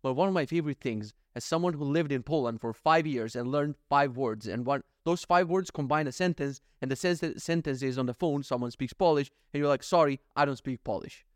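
A man's voice: medium pitch, brisk, hardly any pauses, dry recording, clean studio sound. A man hosting a casual solo podcast, rambling and joking, swearing freely and acting out little scenes. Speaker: podcast host.

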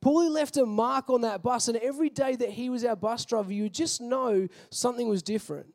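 A man's voice: very high-pitched, brisk, a little mellow. A young adult man with an Australian accent, preaching a sermon in a casual storytelling way with many fillers. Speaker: pastor. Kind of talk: sermon with personal stories.

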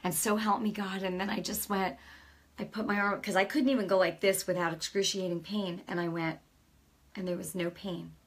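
A middle-aged woman giving an emotional testimony, her storytelling swinging from hushed near-whispers to loud, fervent declarations. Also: medium pitch, steady tone, normal speed, slightly rough. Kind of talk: testimony sermon.

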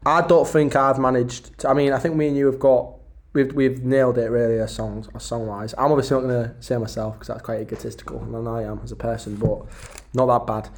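Young man, podcast host, casual interview, rambling, jokey, playful banter, mid-pitched voice. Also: flat delivery, a little fast, hardly any pauses. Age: young adult.

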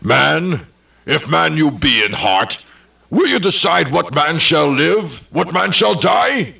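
An actor playing the Ghost of Christmas Present, a stern, jovial spirit, in a radio drama with a gravelly voice. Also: male voice, fairly high pitch, very animated, slow, bright, forceful tone, exaggerated voice. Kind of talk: 1980s radio drama acting.

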